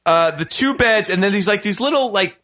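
A male radio host tells a rowdy, profane story in loose chat. He acts out the quotes in his tale and laughs his way through it. His voice sits high and sounds bright, with wide, lively swings in pitch. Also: fairly quick.

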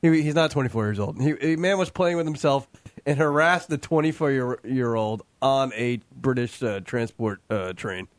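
A man's voice: mid-range voice, moderate pace, dry recording. A man co-hosting a casual podcast, telling crude stories in a rambling, joking way. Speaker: co-host.

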